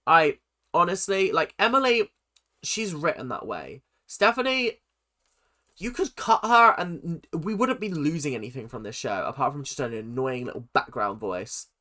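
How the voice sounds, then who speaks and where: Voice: mid-range voice, very animated, normal speed, pushed and bright. A reaction video host, ranting sarcastically through casual commentary on a TV show.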